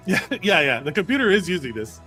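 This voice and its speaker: A man's voice: a little high, big pitch swings, normal speed, sharp tone, soft background music. A man co-hosting a casual podcast chat, wordy and fond of explaining things at length. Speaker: podcast co-host.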